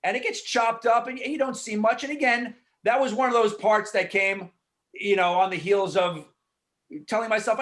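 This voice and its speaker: A man, an actor, answering questions in a casual Q&A over a video call, frank and animated, swearing freely and filling talk with asides. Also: high-pitched. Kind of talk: casual Q&A storytelling.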